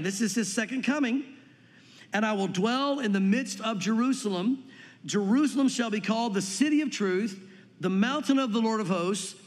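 A man preaching a sermon as pastor, teaching earnestly and reading scripture slowly and deliberately. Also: high voice. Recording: long reverb in a hall.

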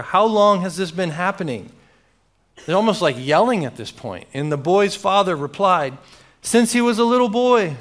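A man preaching a sermon, reading scripture dramatically and urging his listeners directly, with sudden loud rises. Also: on the high side. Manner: speaks directly to the audience, urging and emphatic.

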